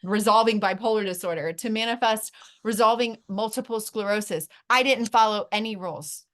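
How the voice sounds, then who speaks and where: A woman's voice: medium pitch, a little fast, fairly bright tone. A woman hosting a podcast interview, speaking earnestly and supportively. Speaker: podcast host. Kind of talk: conversational interview.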